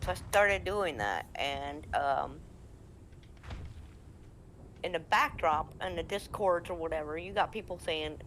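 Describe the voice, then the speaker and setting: A woman from the American Midwest, a game server admin, telling a lively story in casual chat and acting out the quotes. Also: sits low, measured pace, pauses often, a little hiss or hum. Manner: lively, laughing, acts out quotes.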